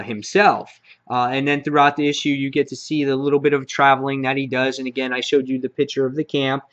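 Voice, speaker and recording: A man runs his own comic book review channel, chatting casually and rambling with lots of fillers and restarts. His voice is mid-range, and the recording has its highs cut off.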